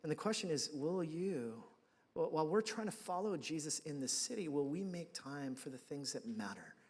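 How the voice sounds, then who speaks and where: A man preaching a sermon, telling a personal story in a lively, conversational way and acting out his own reactions. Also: fairly high pitch, moderate pace, husky. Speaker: pastor. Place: church sanctuary. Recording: reverberant hall.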